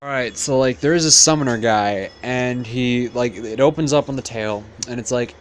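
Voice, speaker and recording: Young man, comic casual retelling, rambling, slangy, filler-heavy, average pitch. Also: moderate pace, hardly any pauses, slight background noise. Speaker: student retelling a classic tale.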